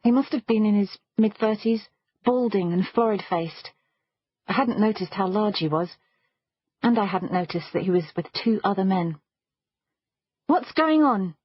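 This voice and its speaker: A woman narrates a first-person thriller audiobook in a measured storytelling manner. Her voice is husky and mid-pitched. The recording is dry and slightly dull. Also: no room sound.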